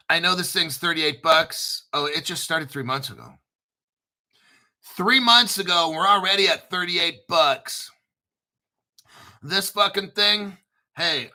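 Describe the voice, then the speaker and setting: A man's voice: on the high side, pushed and bright. A man hosting a crypto show, talking in a hyped, conspiratorial, profane way. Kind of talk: excited crypto commentary.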